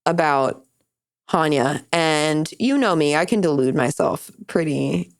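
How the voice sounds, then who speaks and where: A young woman hosting a podcast, telling candid stories in casual chat and jumping high in pitch when she quotes people. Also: a little slow. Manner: candid, rambling storytelling with big pitch jumps for quoted voices. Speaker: podcast host.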